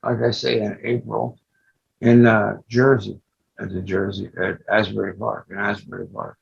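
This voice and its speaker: An older man, an actor and guest, talking in a low-key, halting way with many pauses in a casual interview. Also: level tone, gravelly, slightly rough, lo-fi sound.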